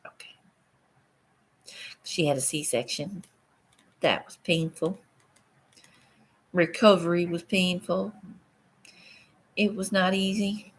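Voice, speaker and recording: A woman's voice: lowish voice, fairly even intonation, takes it slowly, long pauses, husky. A middle-aged woman hosting a casual livestream from her phone, rambling, swearing casually and laughing often. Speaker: livestream host.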